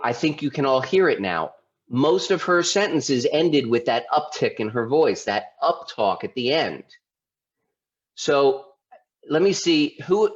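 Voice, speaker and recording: Brief: male lecturer, mid-pitched, chatty, dull muffled recording. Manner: conversational, asks the audience questions. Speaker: lawyer and speaker. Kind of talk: lecture presentation. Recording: dull lo-fi sound.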